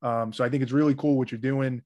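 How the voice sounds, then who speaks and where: A man's voice: medium pitch, fairly even intonation, fast, muffled recording. Reflective male podcast host. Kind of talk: casual interview conversation.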